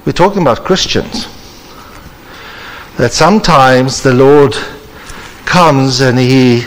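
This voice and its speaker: Male preacher, earnest and deliberate, reverberant church hall. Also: mid-range voice. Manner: earnest, measured, preacherly emphasis. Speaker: conference speaker. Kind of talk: sermon.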